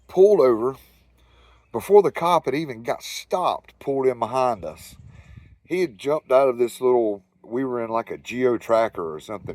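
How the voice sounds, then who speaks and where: A male storyteller host from the Southern United States, speaking with a Southern US accent, tells a rambling, profane anecdote in a casual storytelling style. His voice is mid-range with a darkish tone.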